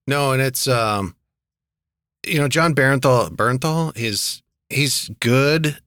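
A man's voice: medium pitch, slow, a bit bright, no room sound. A man hosting a casual talk show about TV, rambling with lots of fillers and wry asides. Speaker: podcast host reviewing TV shows. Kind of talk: casual chat.

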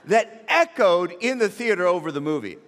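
Lively high-voiced preacher in a big hall. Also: male voice, moderate pace. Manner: animated, repetitive starts, comic exaggeration. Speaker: pastor. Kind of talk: sermon with personal storytelling. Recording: long reverb of a large hall.

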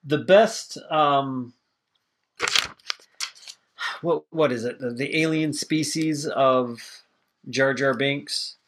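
A man's voice: on the high side, slow, background noise. Opinionated man rambling on movies. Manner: rambling, opinionated, swears freely. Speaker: podcast co-host. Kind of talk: casual movie review chat.

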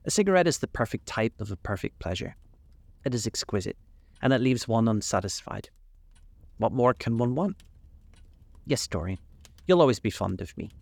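A man's voice: medium pitch, big pitch swings, moderate pace, creaky, long pauses, a little mellow, dry recording. Man voicing a languid witty aristocrat. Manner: drawling, epigrammatic, amused.

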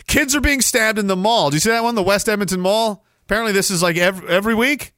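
A Canadian man hosts a solo podcast rant, his high, sharp voice full of anger and sarcasm. He mocks the people he argues against in quick put-on asides. The sound is dry and close, with no room around it. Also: no echo. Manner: angry, sarcastic, mocking imitations. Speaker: podcast host. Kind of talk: ranting solo commentary.

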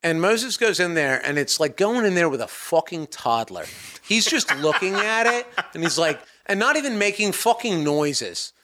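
Profane, animated man telling a story. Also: high voice, moderate pace. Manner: profane, animated storytelling, mock-angry outbursts. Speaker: podcast co-host. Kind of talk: casual storytelling chat.

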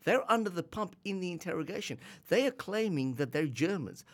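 A man co-hosting a film podcast, discussing a movie in casual chat, animated and often restarting his sentences. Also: high voice, brisk. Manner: animated, chuckling, repeats words when starting. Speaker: podcast co-host.

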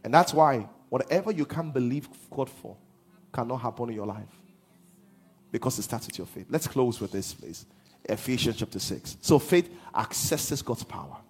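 A man preaching a sermon as pastor, swinging from hushed lines to half-sung shouts. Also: medium pitch, expressive, normal speed, breathy edge.

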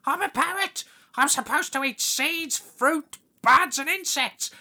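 A woman's voice: high voice, measured pace, bright, forceful tone, exaggerated voice. A woman voicing a foul-mouthed, cranky pet parrot in a comedy radio sketch, grumbling and swearing with scorn. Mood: disgusted.

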